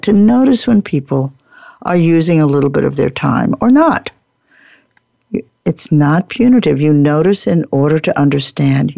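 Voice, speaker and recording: Deliberate woman host, gravelly voice. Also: low-pitched, dark tone, no echo, dull audio. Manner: deliberate, emphatic, repeats key phrases. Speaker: podcast host. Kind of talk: teaching talk on workplace improvement.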